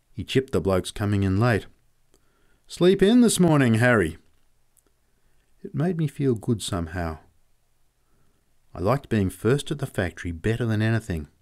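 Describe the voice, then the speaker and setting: A man reads a story aloud in a steady, measured audiobook narration. His voice sits on the lower side, calm and unhurried in its telling.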